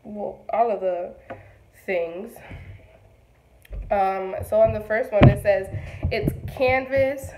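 A woman unboxing on a casual vlog, gushing and excitable, trailing off with fillers. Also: medium pitch, slow pace, pauses often, reverberant, heavy background noise. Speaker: beauty vlogger.

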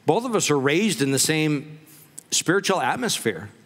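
A male pastor preaching a sermon, telling jokey personal stories in a relaxed conversational way. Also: a little high, moderate pace, long reverb tail. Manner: conversational storytelling with jokes. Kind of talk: humorous sermon. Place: church sanctuary.

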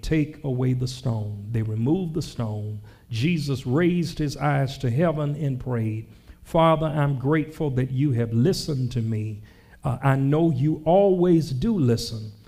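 A male pastor delivers a sermon, lingering over scripture in a slow, deliberate cadence. His voice is dark and gravelly, and he breaks into playful asides between the verses. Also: mid-range voice. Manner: slow, dramatic scripture reading with comic asides.

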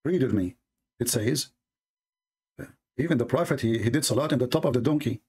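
A man hosting a religious debate show, speaking in a sarcastic, mocking way and reading texts aloud slowly. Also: darkish tone, breathy edge. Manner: sarcastic, reads texts aloud slowly, mimics opponents in a high voice.

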